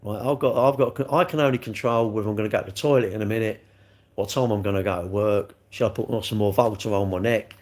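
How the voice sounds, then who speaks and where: A man's voice: on the low side, steady tone, quick pace, darkish tone. A man rambling and joking as he answers chat comments on a live stream. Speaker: livestreamer reading chat.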